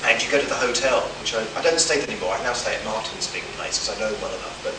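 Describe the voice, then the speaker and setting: An English man with a stammer tells wry, self-mocking stories as a guest on a convention panel, often tripping back over his own words. He sounds distant from the mic, and the room is echoey with steady noise behind him. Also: on the low side, very fast. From England. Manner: self-deprecating, humorous storytelling with frequent restarts. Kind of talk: anecdotal convention panel talk. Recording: echoey room from far off, noisy.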